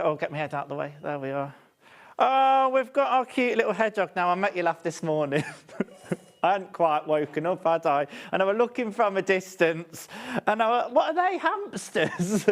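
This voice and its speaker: A man, hosting a live TV shopping show in a studio with upbeat, chatty sales patter. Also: high-pitched. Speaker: shopping channel presenter.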